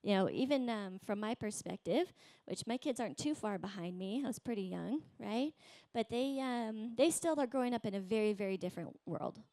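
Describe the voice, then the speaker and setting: A woman's voice: expressive, brisk, warm tone, dry recording. Woman preacher, conversational and dry. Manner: conversational, tags points with "right?"; acts out voices in quotes, rising high. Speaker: pastor. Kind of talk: sermon.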